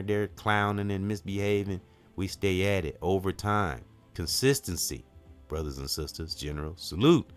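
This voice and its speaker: A middle-aged man with a very low, deep voice gives a casual motivational talk. He speaks earnestly and rambles, fills gaps with "you know" and now and then stumbles over a word. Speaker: volunteer and channel host.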